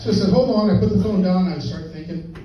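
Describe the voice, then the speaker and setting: A man's voice: high-pitched, quick pace, a crowd in the background, background noise. An older man, a grandfather, telling a folksy comic story on stage and chuckling as he goes. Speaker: stand-up comedian. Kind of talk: storytelling stand-up. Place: live venue with audience. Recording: distant, roomy, dull live recording.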